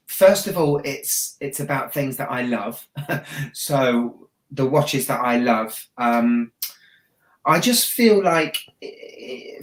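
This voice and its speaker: A man from Southampton with a Hampshire accent, a watch YouTuber chatting casually as a guest, joking and laughing, often trailing off quietly. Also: mid-range voice. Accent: Hampshire English. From Southampton, England. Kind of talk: casual interview chat. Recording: echoey room.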